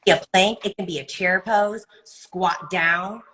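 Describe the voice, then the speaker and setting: A woman giving wellness advice in a live video-call interview, earnest and animated, sometimes acting out other people's voices. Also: lowish voice, slow, slight background noise, low-quality recording. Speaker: wellness guest.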